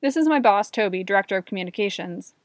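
A woman's voice: mid-range voice, animated, fast, no room sound, natural voice. A woman voicing an earnest, kind young male staffer in a read-aloud story.

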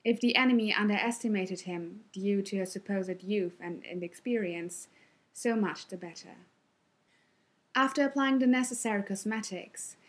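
Woman narrating a story, measured. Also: mid-range voice.

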